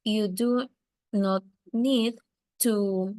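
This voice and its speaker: A woman, a student, reading a text aloud carefully and haltingly, with small slips. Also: mid-range voice, fairly even intonation, mellow, no room sound.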